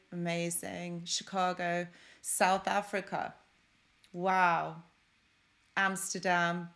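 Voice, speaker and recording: A woman's voice: fairly low pitch, fairly bright tone. Gushing woman hosting a live stream. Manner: effusive, chatty, greets viewers by name; reassuring, encouraging. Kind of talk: casual live stream chat. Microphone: desk microphone.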